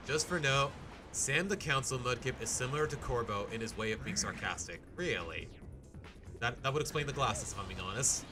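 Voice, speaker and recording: A man's voice: medium pitch, a little fast. Guy streaming a game, bouncy voice, goofing around w chat, music playing under it. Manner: animated, jokey, chats to viewers. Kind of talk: live gameplay commentary.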